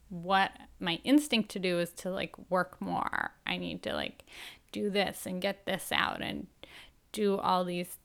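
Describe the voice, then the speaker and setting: A woman talks slowly and gently, candid and self-reflective, in a personal monologue. Her voice is bright and smooth, with a noticeable creaky fry at the ends of her phrases. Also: on the low side.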